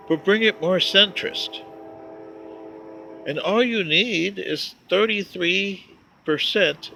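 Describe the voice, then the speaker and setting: A man with a bright, fairly high voice tells a casual story straight to camera. His pitch swings widely as he stretches out his joking punchlines, and his tone stays wry throughout. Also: vocal fry, slight background noise. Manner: wry, joking, drawn-out emphasis. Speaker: vlogger.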